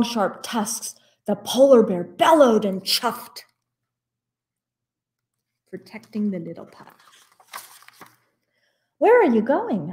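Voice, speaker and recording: Woman librarian, story-time read-aloud, slow and expressive. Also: mid-range voice. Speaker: children's librarian. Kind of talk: children's story time reading.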